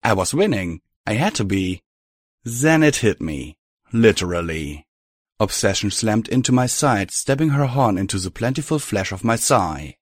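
A man narrating a first-person fan fiction story in a steady audiobook reading. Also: on the low side, moderate pace, no echo, clean studio sound.

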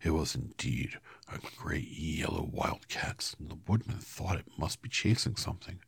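Man, deep creaky storybook reader, soft and hushed, dry close sound. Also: big pitch swings, moderate pace, no echo. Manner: soft, half-whispered, apologizes for slips. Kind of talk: quiet storybook read-aloud.

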